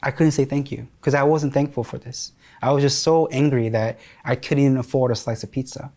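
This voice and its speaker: A man's voice: medium pitch, fairly even intonation, brisk, mellow. A man in his thirties from New York, candidly and emotionally telling his life story in an interview, often restarting his sentences.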